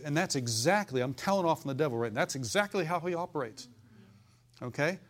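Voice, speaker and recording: A man's voice: a little high, animated, fairly quick. A man preaching a sermon as pastor, folksy and fiery, calling out to the congregation for responses.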